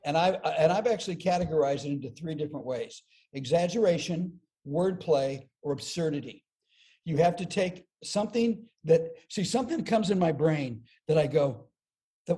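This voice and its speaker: Animated comedian with a high voice. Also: male voice, moderate pace. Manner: animated storyteller, repeats words as he builds jokes. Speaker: comedian guest. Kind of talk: podcast interview.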